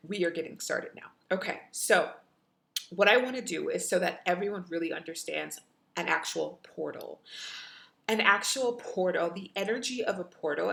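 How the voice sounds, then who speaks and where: A woman's voice: on the low side, gravelly, fairly bright tone. A woman spiritual coach leading a live online guided meditation and activation, effusive, with chant-like repetitions.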